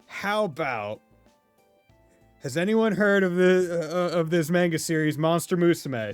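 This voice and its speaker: This let's play host is a young man with a smooth, higher-pitched voice who talks at a moderate pace, cracking jokes, laughing often and leaning on casual slang while he narrates the game. The close mic picks up no room sound, just faint game music in the background.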